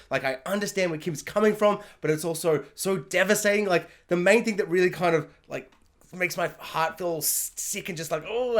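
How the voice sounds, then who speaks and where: Gushing male TV reviewer, higher voice. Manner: gushing, rambling, lots of fillers. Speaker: TV review vlogger. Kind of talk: casual spoken episode review.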